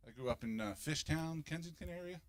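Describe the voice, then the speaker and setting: A man, doing a stand-up comedy set and jumping into loud exaggerated voices for punchlines. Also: on the high side, expressive, a little fast. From Philadelphia, United States. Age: 50s.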